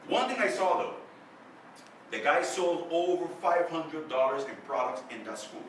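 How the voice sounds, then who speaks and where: Animated male speaker in an echoey room. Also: on the high side. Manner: animated storyteller, acts out quoted voices. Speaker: guest speaker. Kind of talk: motivational storytelling talk. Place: club meeting room. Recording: echoey room, distant mic, faint noise.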